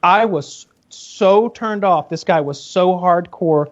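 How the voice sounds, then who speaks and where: A man hosting a podcast, telling a crude story in an animated, casual way over a video call with dull lo-fi audio. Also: sits high, slow pace. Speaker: podcast host. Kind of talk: casual chat.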